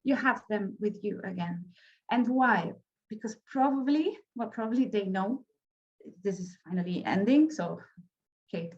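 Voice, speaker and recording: A woman's voice: on the high side, darkish tone, lo-fi sound. Spanish-accented woman leading a workshop. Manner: halting, many fillers and restarts. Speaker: workshop trainer. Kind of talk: online training workshop.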